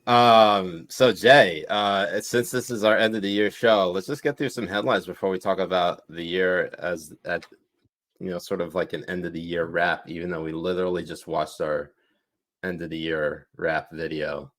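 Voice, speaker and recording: Low-voiced man hosting a podcast. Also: steady tone, normal speed, a bit bright. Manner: jokey, reads headlines with mock dramatic voices, laughs a lot. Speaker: podcast co-host. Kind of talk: irreverent political podcast chat.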